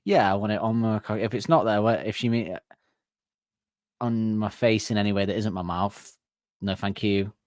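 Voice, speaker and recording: A man's voice: fairly low pitch, normal speed, no room sound. A man co-hosting a comedy podcast, crude and giggly, bursting into silly voices. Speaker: podcast co-host. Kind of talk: casual comedic banter.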